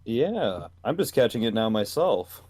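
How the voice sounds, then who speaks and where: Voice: mid-range voice, big pitch swings, a little slow, darkish tone. A podcast co-host in casual chat about a manga chapter, pointing out small details and theories with an easy, jokey manner.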